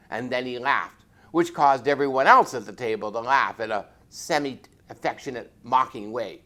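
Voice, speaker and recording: A man's voice: medium pitch, expressive, sharp tone. Earnest man telling a faith story. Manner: earnest, storytelling, with repeated phrases and pauses. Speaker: former police chaplain telling a testimony. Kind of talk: spoken faith testimony.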